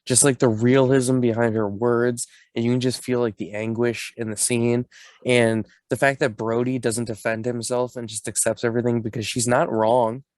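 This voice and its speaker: Low-voiced man in casual podcast chat. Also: flat delivery, moderate pace, a little mellow, dry recording. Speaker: podcast co-host.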